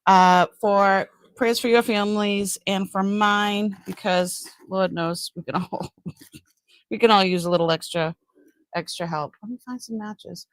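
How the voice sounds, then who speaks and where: A little slow and steady in tone, the medium-pitched voice of a middle-aged Boston-accented woman from Massachusetts comes through in a dry recording. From a counter inside her home she runs a casual live-stream as seller and host, chattering on and saying hello to viewers by name.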